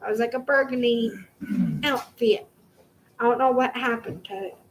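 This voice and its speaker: A young woman with a high voice talks straight to the camera from her home in a heated, swearing rant that keeps circling back on itself. Faint room noise sits under her voice. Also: fairly even intonation, moderate pace, poor audio. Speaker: vlogger. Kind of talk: angry direct-to-camera rant.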